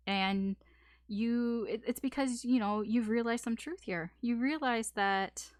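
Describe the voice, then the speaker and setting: A woman's voice: fairly high pitch, measured pace, dry recording, clean studio sound. A woman giving a casual tarot reading, talking frankly with fillers and swearing. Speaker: tarot reader.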